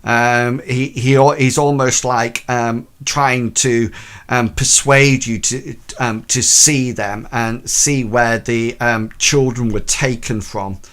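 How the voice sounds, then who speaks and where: A man running a tabletop role-playing game, describing scenes in an unhurried, halting way full of ums and false starts. His voice sits at an ordinary middle pitch for a man. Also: steady tone, a bit bright. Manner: hesitant, full of ums and restarts. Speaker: game master.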